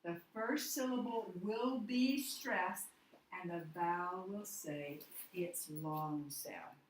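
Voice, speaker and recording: A woman teaching a phonics lesson, walking through each step slowly and patiently. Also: lowish voice, echoey room, slight background noise, poor audio. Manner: slow, patient, step-by-step explaining.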